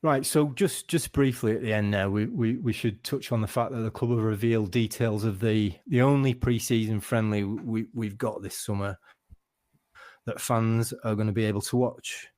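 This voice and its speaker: A man hosting a casual football podcast, wry and halting with many restarts. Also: fairly low pitch, a little mellow, no room sound, studio quality. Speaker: podcast host.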